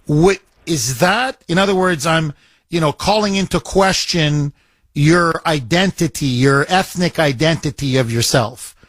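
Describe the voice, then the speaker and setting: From a radio studio, a man hosting a call-in talk show speaks emphatically, hammering his points with repeated lines and rhetorical questions. His voice sits a little high, somewhat bright, and his pace is a bit slow. The sound is close and dry, with no room sound.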